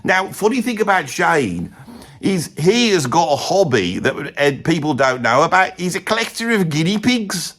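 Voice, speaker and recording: A man's voice: a little high, very animated, moderate pace, fairly bright tone. A man with a Birmingham accent voicing a rambling, blokey older heavy metal fan in a comedy monologue, who keeps losing his thread. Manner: rambling, loses his thread, says bloody a lot. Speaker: comic pundit character.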